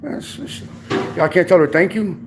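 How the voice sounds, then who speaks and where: A man's voice: high-pitched, lively intonation, moderate pace, noisy background. A young man hosting his own livestream, talking in brash, profane, rambling street slang. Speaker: livestream host. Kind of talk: casual livestream banter.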